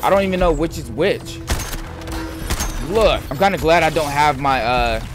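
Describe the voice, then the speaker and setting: A young man commenting on his gameplay in a casual, excitable way, yelping and muttering at the game. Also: on the high side, moderate pace, background noise. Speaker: gaming YouTuber.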